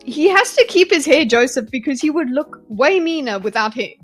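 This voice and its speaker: A woman's voice: high voice, lively intonation, moderate pace, faint music behind, rough recording. A woman hosting a livestream, giving rambling, sarcastic reaction commentary and chatting with viewers. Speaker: livestream host.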